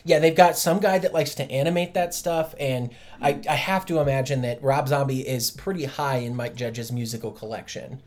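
A man's voice: mid-range voice, fairly even intonation, moderate pace, hardly any pauses, a little mellow. A man co-hosting a podcast in casual chat, rambling with fillers and restarts. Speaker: podcast co-host.

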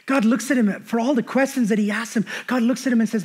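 In church, a male pastor preaches a sermon, building with emphasis before easing into relaxed storytelling that includes quoted dialogue. His voice is very high-pitched and husky, and he speaks quickly.

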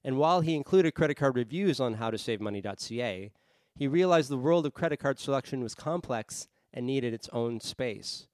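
A man hosting a personal finance podcast, reading a clear scripted introduction. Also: mid-range voice, lively intonation, normal speed, few pauses, a little mellow, no room sound, clean studio sound. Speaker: podcast host. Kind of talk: scripted narration.

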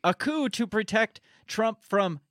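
A man's voice: sits high, lively intonation, unhurried, fairly bright tone, dry recording, studio quality. Fired-up man reading and riffing on the news. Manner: reads news excerpts aloud, then riffs with laughter and swearing. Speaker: podcast co-host. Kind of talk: casual political commentary.

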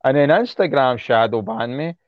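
A man's voice: mid-range voice, animated, normal speed, no room sound, highs cut off. A man, speaking bluntly and heatedly as an interview guest, swearing freely and repeating himself when worked up. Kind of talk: impassioned casual interview talk.

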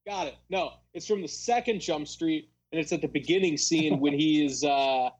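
A young man co-hosting a podcast, telling animated stories in casual chat and fumbling for details. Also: fairly high pitch, moderate pace, low-quality recording. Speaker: podcast co-host.

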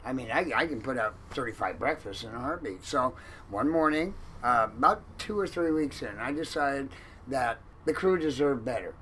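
Animated bright-voiced male storyteller. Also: mid-range voice, moderate pace, a little hiss or hum, low-quality recording. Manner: animated, acts out quoted lines loudly. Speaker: guest, former fishing boat cook. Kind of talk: storytelling in a conversational interview.

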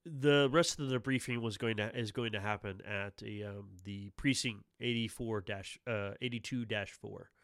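A man runs a tabletop role-playing session as game master, wandering through his narration with plenty of fillers and restarts. His voice is bright and clear, recorded dry and close. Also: lowish voice, fairly even intonation, moderate pace, few pauses, no echo. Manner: rambling, many fillers and restarts.

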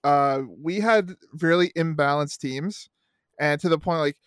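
A man's voice: fairly high pitch, measured pace, clear, resonant tone, no echo, clean studio sound. Profane rambling storyteller, man. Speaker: podcast co-host and youth baseball coach. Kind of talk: casual chat.

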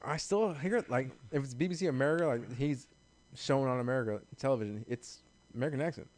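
A man's voice: medium pitch, quick pace, a little mellow. A man co-hosting a casual podcast chat, loose and profane, laughing often as he talks. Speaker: podcast co-host.

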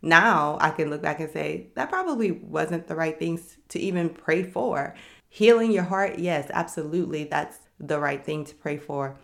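A woman's voice: low-pitched, moderate pace, gravelly. A young adult woman hosting a faith-based podcast, speaking candidly and reflectively about her own experience. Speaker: podcast host. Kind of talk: faith-based personal talk.

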